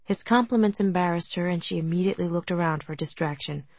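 Soft, husky woman narrating a story. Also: fairly low pitch, fast, dry recording. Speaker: audiobook narrator. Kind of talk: scripted narration.

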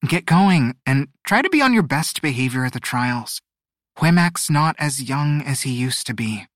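A man voicing a knowing, motherly woman in a storybook reading, teasing and gently scolding. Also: medium pitch, big pitch swings, normal speed, no room sound, studio quality. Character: knowing, motherly adult woman mail carrier.

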